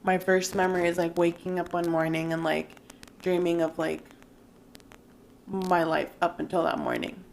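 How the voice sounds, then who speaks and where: Giggly low-voiced young woman, gravelly. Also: little pitch movement, moderate pace, slight background noise. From Mexico. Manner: giggly, chatty, lots of "like". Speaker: podcast co-host. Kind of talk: casual chat.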